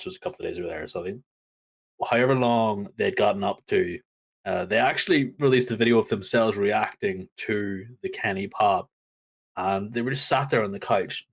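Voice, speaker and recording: A man co-hosting a casual wrestling chat, telling stories with lively acted-out reactions. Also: lowish voice, creaky. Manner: animated storytelling, acts out crowd reactions. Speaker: podcast co-host.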